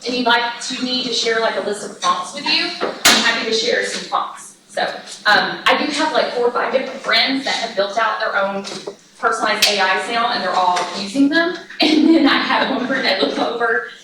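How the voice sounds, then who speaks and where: A woman with a Texan accent presents to a conference audience. She talks chattily and slips into quick quoted voices as she retells her conversations. Her voice sits a little high and is picked up from far off in a strongly echoing room with noise in the background. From Texas. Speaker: conference speaker. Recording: echoey room recorded from afar, noisy.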